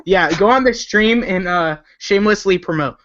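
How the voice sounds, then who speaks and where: A man on a live stream, answering questions with hesitant, halting starts. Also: high voice, crowd noise. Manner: hesitant, with many uhs. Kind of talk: casual stream chat. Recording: dull lo-fi voice call audio.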